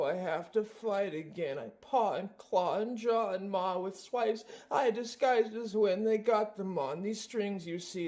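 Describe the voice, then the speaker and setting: A man's voice: high voice, dark tone. A man voicing a confused, dreamy male cartoon bear, singing rhyming verses. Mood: wistful. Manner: sung rhyming verses, wordplay-heavy. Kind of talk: sung musical number.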